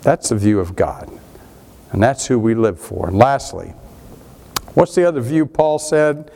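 A man preaching a sermon, animated, swinging between emphatic and quieter passages. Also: mid-range voice, a little slow, vocal fry, a little hiss or hum. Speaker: pastor.

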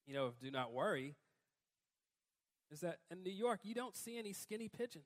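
A man with a high, light voice delivers a sermon. He talks casually to the congregation and now and then lifts into loud, emphatic bursts. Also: moderate pace, long pauses. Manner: conversational preaching, rising to emphatic outbursts. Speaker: pastor.

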